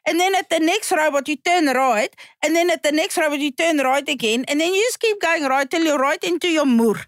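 A woman's voice: high voice, fairly quick, no room sound, clean studio sound, voice pushed up, close to an everyday voice. A woman voicing a chatty South African woman in a put-on South African accent, full of stock exclamations. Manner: exclaims, drawls stock phrases.

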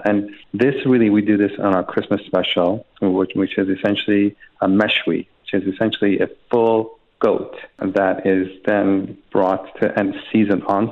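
A man being interviewed as a radio guest, explaining things in a relaxed way. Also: low-pitched. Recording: tinny phone line.

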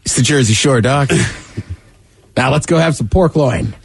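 A man's voice: mid-range voice, moderate pace, creaky, background noise. A man co-hosting a radio show, telling jokey stories in casual banter. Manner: animated, jokey storyteller.

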